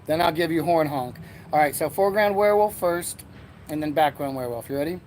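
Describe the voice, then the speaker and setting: Recorded on a porch outdoors with faint ambience and slight background noise, a man from Erie, Pennsylvania, USA, hosts a rambling solo comedy podcast. His voice is fairly high and a little mellow, his pace brisk, his manner meandering and self-mocking.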